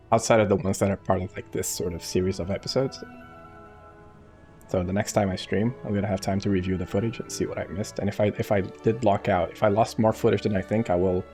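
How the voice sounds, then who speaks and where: A man streaming a game live, talking casually in a rambling, halting way. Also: sits low, warm tone. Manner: rambling, halting, many restarts.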